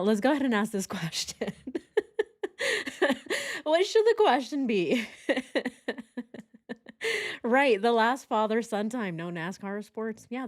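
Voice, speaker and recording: A woman chatting casually and joking as she comments on a true crime video, laughing often. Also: medium pitch.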